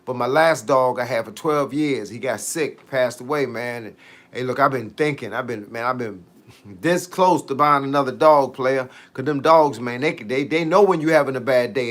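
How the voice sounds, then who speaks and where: A middle-aged man chats casually on a fitness livestream, reading and answering viewer comments in a slangy, laid-back way with drawn-out tangents. His voice is medium-pitched with a fairly bright tone.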